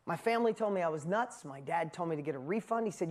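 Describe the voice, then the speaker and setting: A man in his fifties from upstate New York, telling his story as a motivational speaker to a live audience. He is animated and emphatic, with self-mocking asides and fast bursts. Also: high voice.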